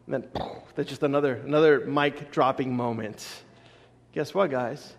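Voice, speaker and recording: A man preaching a casual sermon as a pastor, animated, acting out voices and laughing often. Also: fairly high pitch, normal speed, gravelly. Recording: long echo of a large hall.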